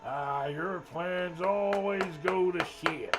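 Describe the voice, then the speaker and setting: Brief: gruff cowboy outlaw, slow Western drawl, fairly high, unhurried as a man puts him on. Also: over loud music. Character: gruff rough-talking male cowboy outlaw, middle-aged.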